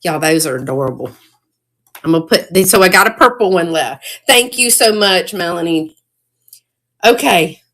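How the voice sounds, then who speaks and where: A woman hosting a casual live-stream sale, chatty and excitable, greeting viewers by name. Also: lowish voice, moderate pace, long pauses.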